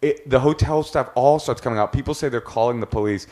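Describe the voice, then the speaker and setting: Male guest storyteller, animated, bursts of shouted mimicry. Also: mid-range voice, fast talker. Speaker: podcast guest, film director. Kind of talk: casual storytelling chat.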